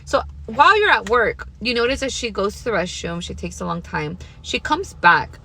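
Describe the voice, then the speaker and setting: A woman's voice: mid-range voice, sing-song, normal speed, pushed and bright. A young woman telling a casual workplace storytime in a blunt, profane, second-person way.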